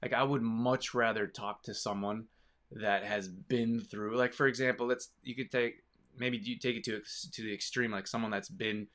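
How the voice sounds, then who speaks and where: Gravelly-voiced man rambling to camera. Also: on the low side. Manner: rambling, many restarts, animated asides. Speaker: business owner. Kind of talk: casual rambling talk to camera.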